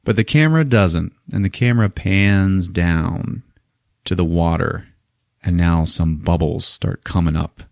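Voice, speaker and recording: A deep, slightly slow, creaky male voice belongs to a podcast host giving a casual, profane film recap full of acted-out bits in funny voices. The studio recording is clean, with no echo.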